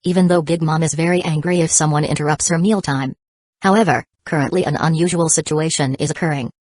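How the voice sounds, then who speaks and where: A woman giving steady, scripted narration of an audiobook. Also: low voice, fast talker, no echo.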